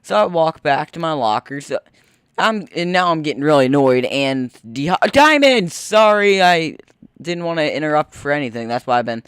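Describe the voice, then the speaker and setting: A teenage boy rambling through a story while commenting on his gameplay, often cutting himself off and getting excited. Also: fairly high pitch, fairly quick, clear, resonant tone, dry recording, studio quality. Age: teens. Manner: rambling, self-interrupting, excitable. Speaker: gaming video host.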